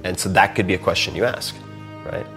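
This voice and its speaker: Animated, lower-voiced man telling stories. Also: a little fast, vocal fry, faint music behind. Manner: animated storyteller, swings loud and soft, acts out quotes. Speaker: podcast host. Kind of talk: casual chat.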